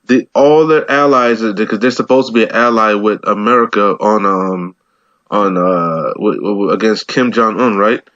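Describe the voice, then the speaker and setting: A man's voice: fairly low pitch, normal speed, fairly bright tone, dry recording, highs cut off. A man giving loose, streetwise commentary on scripture, rambling and peppering his talk with slang. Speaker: bible teacher.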